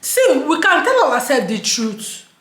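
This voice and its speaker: A woman's voice: high voice, big pitch swings, a little slow, a bit bright, reverberant. A woman with a Nigerian accent from Nigeria, talking casually to camera as a vlogger, chatty and slipping into pidgin, laughing as she rants. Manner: chatty, mixes in pidgin, laughs while ranting. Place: indoors at home, daylight.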